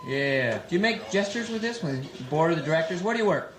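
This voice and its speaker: A man's voice: on the high side, lively intonation, brisk. A man in his twenties from San Francisco doing stand-up comedy, playfully teasing the audience in a nightclub. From San Francisco, USA. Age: 20s. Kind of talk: stand-up comedy with crowd work. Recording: echoey club, loud crowd and noise.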